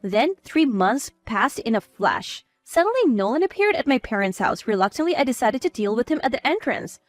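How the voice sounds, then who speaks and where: A woman's voice: fairly high pitch, big pitch swings, normal speed. A woman narrating a first-person story in a cool, firm manner.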